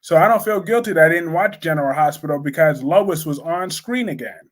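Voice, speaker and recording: A man's voice: fairly high pitch, fairly quick. A man giving blunt, opinionated soap opera commentary in a casual live-stream chat, reading and answering viewers' comments. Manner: blunt, opinionated, repetitive emphasis.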